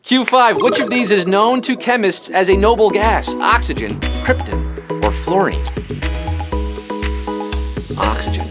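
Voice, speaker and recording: Punny high-voiced quiz host, man. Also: animated, over music. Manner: punny, jokey, fast-talking quizmaster. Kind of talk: live trivia show hosting.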